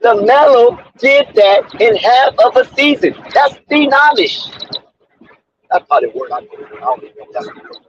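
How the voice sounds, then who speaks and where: A man with a high, husky voice delivers a sports rant like a sermon, hammering points home with repetition and street slang. His pitch swings freely. The audio is dull and lo-fi. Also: sing-song, normal speed. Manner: preachy, repetitive, emphatic street talk. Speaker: sports commentary host. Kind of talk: off-the-cuff sports commentary monologue.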